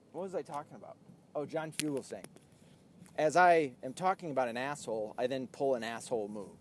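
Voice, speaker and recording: A man hosting his own show, ranting bluntly and profanely in casual talk while he drives a car. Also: medium pitch. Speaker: podcast host. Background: faint vehicle noise.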